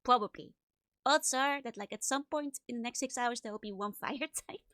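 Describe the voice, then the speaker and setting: A woman's voice: on the high side, normal speed, a bit bright, no room sound, studio quality. A woman streamer chatting casually with viewers, bubbly and giggly, a bit sleepy with a slightly stuffy nose from a cold. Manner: bubbly, giggly, repeats greetings in sing-song runs. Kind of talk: casual live-stream chat greeting viewers.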